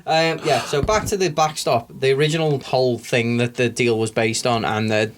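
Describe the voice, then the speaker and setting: A young man co-hosting a podcast, teasing his friend and then explaining politics in plain casual talk. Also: medium pitch. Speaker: podcast co-host.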